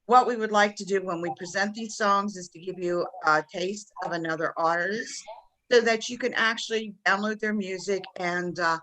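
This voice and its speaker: A woman's voice: mid-range voice, bright, forceful tone, rough recording. A woman from the Southern United States with a Southern American accent, co-hosting a casual chat with chatty enthusiasm. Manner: chatty and enthusiastic, quick to laugh. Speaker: podcast co-host.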